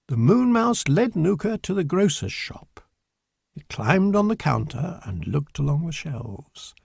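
A man reading a children's storybook aloud in a slow, clear, deliberate manner. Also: medium pitch, darkish tone, no echo, studio quality. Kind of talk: storybook narration.

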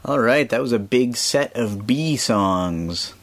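A man's voice: medium pitch, expressive, slow. A man hosting a children's music radio show, chatting casually and explaining things simply for kids.

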